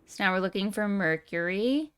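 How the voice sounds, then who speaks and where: A woman chatting casually while playing a puzzle game, wry and quick to laugh. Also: mid-range voice, expressive, a bit bright, smooth. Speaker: game player.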